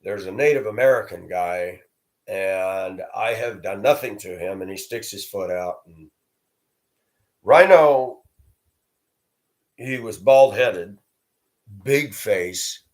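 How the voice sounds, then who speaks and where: Speaking slowly with long pauses, a low-voiced man vlogs to the camera, wandering through personal talk in a blunt, occasionally crude way full of coarse language.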